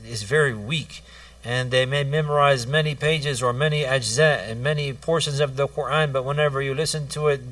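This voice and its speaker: A man's voice: medium pitch, fairly bright tone, no room sound, far from the mic. A man giving a religious lesson, repeating key phrases and restarting his sentences as he teaches. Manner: repetitive, restarts phrases, stresses points twice. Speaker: Islamic teacher.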